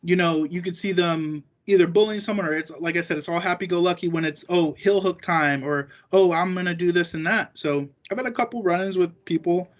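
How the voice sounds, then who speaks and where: Guest spot: man with a high voice, rambling and cursing freely, dull muffled recording. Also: fairly quick, few pauses. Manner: rambling and profane, acting out quoted remarks. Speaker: guest, jiu-jitsu competitor. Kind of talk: casual podcast chat.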